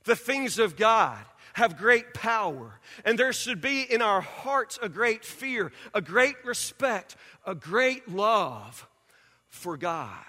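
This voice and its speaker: A man preaching a sermon as pastor, telling a personal story in an animated way and acting out scenes, speaking in a church sanctuary. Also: sits high. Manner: animated storyteller, acts out scenes, drops to quiet intensity. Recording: reverberant hall.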